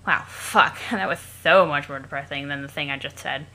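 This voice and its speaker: A woman's voice: sits low, normal speed, few pauses, sharp tone. Chatty woman doing playthrough commentary. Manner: chatty, rambling, crude. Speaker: let's play host.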